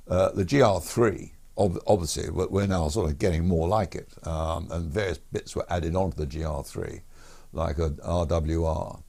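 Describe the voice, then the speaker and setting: A man's voice: deep voice, gravelly, darkish tone, slightly rough. An older man, a retired air force pilot, telling anecdotes as an interview guest in a rambling, self-correcting way and chuckling along.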